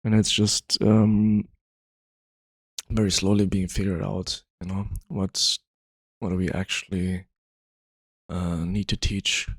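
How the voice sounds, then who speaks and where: A man with a fairly low voice talks casually to the camera, rambling and leaning on fillers. His voice sounds worn and tired, and the recording is close and dry with no room echo. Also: flat delivery, takes it slowly, pauses often. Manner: rambling, frequent "you know" fillers. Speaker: video host. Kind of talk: casual explanatory talk.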